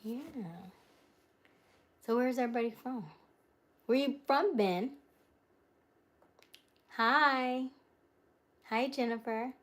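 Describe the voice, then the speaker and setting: A woman's voice: a little high, fairly even intonation, slow pace, long pauses, fairly bright tone. A woman hosting a casual livestream from her home, chatting and answering viewer comments aloud, laughing often and trailing off. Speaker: livestream host. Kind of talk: casual live-stream chat. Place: her home, mid-move.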